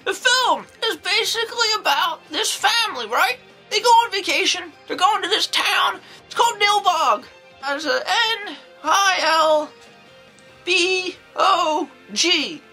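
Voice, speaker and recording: Lady doing a kooky old nun reviewing horror flicks, super high squeaky voice, bright and piercing, rambles and exclaims a lot. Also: expressive, normal speed, soft background music, full character voice, rough recording. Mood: rambling. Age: older. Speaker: movie reviewer. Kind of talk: comedic character monologue.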